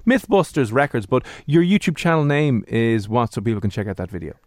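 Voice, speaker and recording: Man, radio host, fast banter, dry close sound. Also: mid-range voice, no echo. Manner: animated, quick banter. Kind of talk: casual radio chat.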